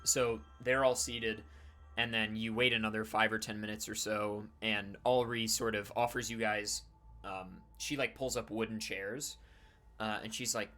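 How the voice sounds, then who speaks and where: A man narrating as dungeon master in a casual, halting way, with many fillers. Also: fairly low pitch, fairly even intonation, bright, forceful tone. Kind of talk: narrating a tabletop game.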